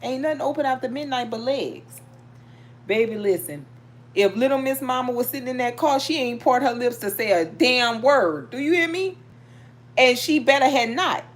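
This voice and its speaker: A middle-aged woman hosting a live chat, telling stories in a lively, animated way and talking straight to her viewers. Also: a little high, normal speed. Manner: animated, storytelling, talks to viewers. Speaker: livestream host reading tarot.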